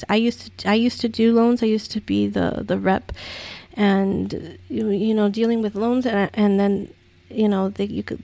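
A woman's voice: medium pitch, vocal fry, a little mellow, dry recording. A woman hosting a casual commentary podcast, rambling and exasperated, with many fillers and restarts. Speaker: podcast host.

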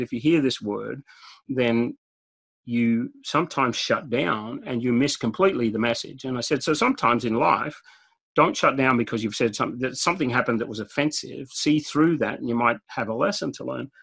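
A man's voice: mid-range voice, vocal fry, fairly bright tone, slightly rough. A man with an Australian accent, a guest speaker telling stories in a direct, talkative way and laughing at his own jokes. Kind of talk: conversational storytelling interview.

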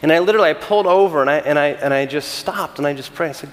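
Animated pastor in a reverberant hall. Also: male voice, on the high side, very fast. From California. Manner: animated storytelling, self-deprecating, frequent restarts. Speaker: senior pastor. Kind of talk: conversational sermon.

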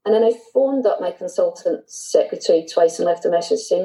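Middle-aged woman, lowish voice, very dark and mellow tone, candid and heartfelt, halting restarts. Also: vocal fry, poor audio. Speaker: guest. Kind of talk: personal storytelling in conversation.

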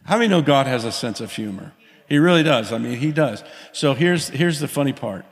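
A man preaching a sermon in a church, animated, calling out to the congregation as he tells a story. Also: mid-range voice, a little fast. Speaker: pastor. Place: church sanctuary. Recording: long hall reverb.

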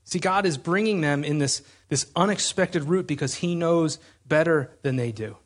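A man's voice: on the high side, normal speed. A man preaching a sermon in a conversational, emphatic way, often restarting his phrases.

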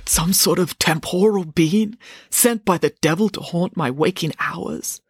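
Narrator playing a haunted young prince, hoarse and frightened, dry room. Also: medium pitch, a little slow, dry recording. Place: home office.

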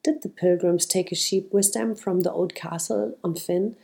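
A kind, very old flower seller with a gentle, secretive way of talking, as a woman reading a storybook puts him on. The voice sits low and sounds mellow and warm. Every word is unhurried. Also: vocal fry.

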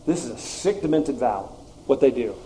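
A man preaching a sermon and teaching through a text, conversational with animated asides. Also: medium pitch, normal speed, slight background noise. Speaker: pastor.

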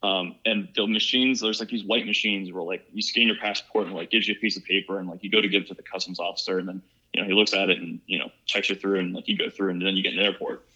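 A man's voice: low voice, steady tone, fast, sharp tone, husky. A young man from Ohio, telling a story as a podcast guest in a rambling, casual way, full of "like" and "you know". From Ohio, USA. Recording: muffled lo-fi recording.

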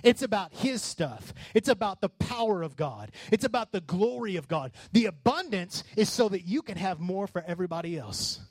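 A high-pitched man preaching with fiery passion, his voice climbing into shouts at the peaks. The sound is close and dry, with no room echo. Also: lively intonation, normal speed, hardly any pauses. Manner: passionate, rising to shouts on key lines. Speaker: pastor. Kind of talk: sermon.

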